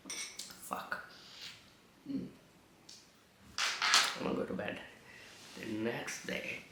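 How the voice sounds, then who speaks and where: A man's voice: medium pitch, vocal fry, pushed and bright, a little hiss or hum. A man vlogging casually with a slight lisp from new braces, chatty and rambling, swearing now and then. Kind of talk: casual storytelling vlog. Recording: echoey room.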